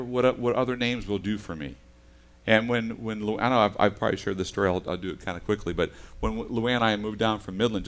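A middle-aged male pastor preaching a sermon in a conversational, storytelling way, swinging from soft asides to loud emphatic bursts. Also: lowish voice. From United States. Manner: conversational storytelling with self-corrections.

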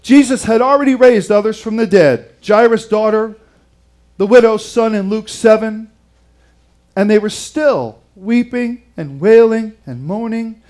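Male pastor, high-pitched, dramatic sermon delivery with hushed emphasis. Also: a little slow. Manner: dramatic dynamics, dropping to hushed tones for emphasis; asks the audience questions.

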